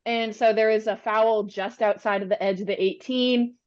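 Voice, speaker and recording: A young adult woman, a podcast guest, telling animated sports stories in casual chat, with lots of "like". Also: a little high, moderate pace. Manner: animated, fills with "like". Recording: dull lo-fi sound.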